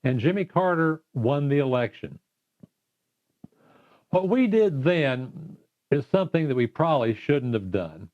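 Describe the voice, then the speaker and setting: Older guy calmly going over what happened back then, muffled sound. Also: medium pitch, measured pace, long pauses. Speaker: oral history participant. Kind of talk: oral history interview. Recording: muffled lo-fi recording.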